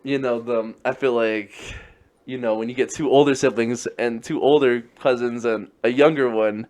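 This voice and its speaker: A man's voice: mid-range voice, steady tone, normal speed, a little mellow. A young man telling a long story in casual chat, rambling and laughing as he goes. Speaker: podcast co-host.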